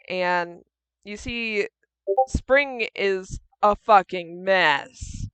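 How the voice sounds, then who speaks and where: A woman game master narrates a tabletop game in a casual, profane manner and bosses her players about. Her voice is bright and strikingly clear, recorded dry and close. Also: mid-range voice, drawn-out words, no room sound. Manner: casual, swears freely, bossy with players.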